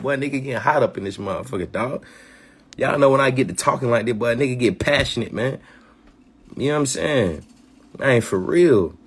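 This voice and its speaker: A husky-voiced man speaks on a live stream, firing up into passionate, slang-heavy talk full of swearing and repeated phrases. His voice sits in an ordinary middle pitch with a slightly rough, breathy edge. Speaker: host of a live community gathering.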